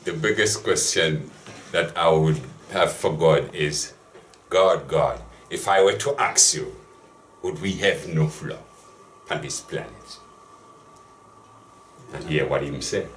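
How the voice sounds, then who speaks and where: A man, a poet guest, speaking in a measured, expressive way. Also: a bass voice, slight background noise. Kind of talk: casual chat. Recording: roomy, distant, faint ambience.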